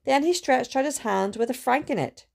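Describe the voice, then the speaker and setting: A woman reading a storybook aloud with a steady, careful delivery and small restarts. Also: sits high, normal speed, vocal fry. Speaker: student reader.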